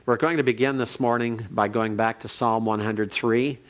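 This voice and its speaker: A man lecturing on Hebrew grammar to a class, explaining step by step and reading phrases slowly for the students to repeat. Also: medium pitch, fairly even intonation. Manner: methodical, reads Hebrew slowly for repetition.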